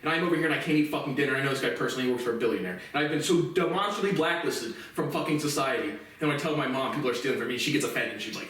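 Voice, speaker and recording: A man's voice: mid-range voice, rapid-fire, hardly any pauses, a bit bright. A man in a bitter, profane monologue rant, repeating himself as he goes. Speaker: vlogger. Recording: very echoey room, distant mic.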